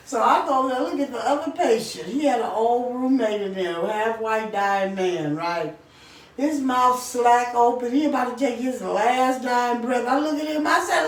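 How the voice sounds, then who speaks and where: A woman telling a long rambling story in casual chat, animated, often laughing and acting out quoted voices, blunt and profane. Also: high voice, slow, long pauses, a little hiss or hum.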